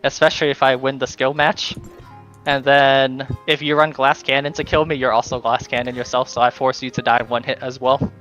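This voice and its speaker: A man's voice: mid-range voice, little pitch movement, brisk, a bit bright, muffled recording, soft background music. A man streaming, chatting casually and explaining game tactics, swearing now and then. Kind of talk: casual chat while gaming.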